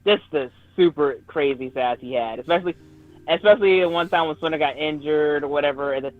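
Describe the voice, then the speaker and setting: Man, casual livestream chat, eager, trips over his words, fairly high voice, slightly muffled lo-fi audio. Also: fairly quick. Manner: excited, stumbling restarts. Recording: slightly dull lo-fi stream audio.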